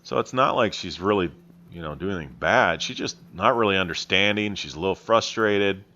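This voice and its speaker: A man, a horse trainer, calmly talking over his riding footage, explaining in a plainspoken, self-critical way. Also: deep voice, a little fast, dull audio.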